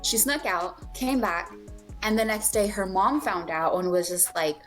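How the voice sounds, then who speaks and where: This young woman's mid-range voice has lively intonation and a slightly slow pace, with soft music behind it. She co-hosts a podcast and tells a personal story casually and candidly, swearing freely and voicing the people she quotes.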